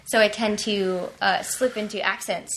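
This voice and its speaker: A woman's voice: mid-range voice, steady tone, moderate pace, fairly bright tone, a little hiss or hum, rough recording. A woman guests on a casual podcast, chatty and playful. She is a couple of drinks in and giggles often.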